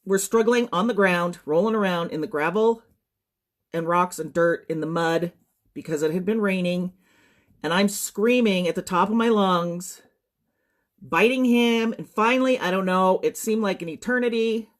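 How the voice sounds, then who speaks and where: A woman's voice: medium pitch, normal speed. Shaken woman telling a painful personal story. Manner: shaken, trying to keep composure, many ums. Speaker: social media storyteller. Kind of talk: emotional personal testimony to viewers.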